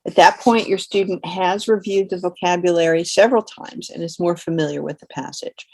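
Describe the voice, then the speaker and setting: A woman's voice: on the low side, steady tone, fairly quick, a little mellow, slightly rough. A woman giving a tutor training presentation, explaining reading activities in a conversational, practical way. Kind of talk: instructional presentation.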